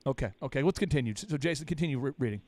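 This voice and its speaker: A man hosting a business podcast, talking in an animated, blunt and teasing way. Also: mid-range voice, very fast, no room sound. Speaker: podcast host. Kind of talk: lively podcast chat.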